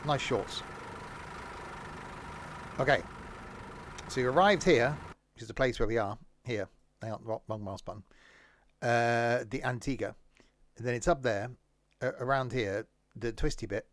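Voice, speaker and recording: A man's voice: medium pitch, a little slow, long pauses, a bit bright, no echo. A man giving rambling, self-mocking commentary while playing a driving game. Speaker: gaming streamer. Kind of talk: casual gameplay commentary.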